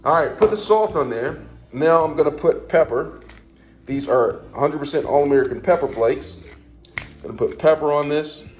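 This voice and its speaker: A man's voice: on the high side, normal speed, faint music behind. A man giving a casual cooking demonstration at home, folksy and full of repeated catchphrases, dropping his voice on little asides. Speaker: home cook.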